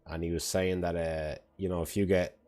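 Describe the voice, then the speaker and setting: A man's voice: deep voice, little pitch movement, moderate pace, a little mellow. A man chatting casually on a live stream, rambling and swearing freely, often sounding exasperated. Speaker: parent.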